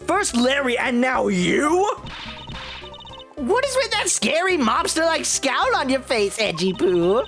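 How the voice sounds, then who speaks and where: Read by a woman, a pushy old lady from a video game scolds and coos by turns. The voice is high and swoops all over, shrill when scolding and low when muttering. Game music plays faintly behind. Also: sing-song, slow pace, fairly bright tone, exaggerated voice. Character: nosy old woman, loud, bossy, smitten.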